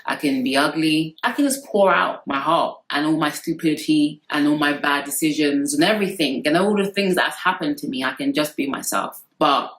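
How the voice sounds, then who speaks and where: Low-voiced woman vlogging advice, blunt and sisterly, kinda echoey room. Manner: direct, sisterly, emphatic, addresses viewers as sis. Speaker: vlogger giving relationship advice. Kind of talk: candid talking-to-camera advice.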